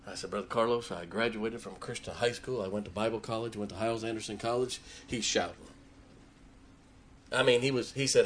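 A man preaching, telling a personal story with emotion and dropping his voice low in tender moments. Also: moderate pace, a little hiss or hum. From Ohio. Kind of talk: sermon storytelling.

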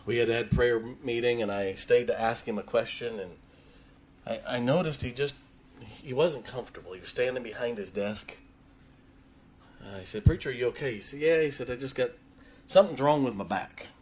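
A man preaching, telling a personal story with emotion and dropping his voice low in tender moments. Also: moderate pace. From Ohio. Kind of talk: sermon storytelling.

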